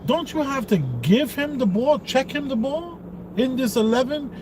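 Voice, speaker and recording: A man's voice: extremely high pitch, normal speed. A middle-aged man teasing and needling in casual banter, repeating himself. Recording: noisy background.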